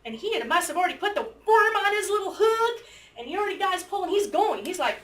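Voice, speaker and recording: A woman teacher telling a story to her class with lively energy, acting out both sides and breaking into squeals and shouts. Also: very high-pitched, quick pace. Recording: echoey room, mic far off, faint noise.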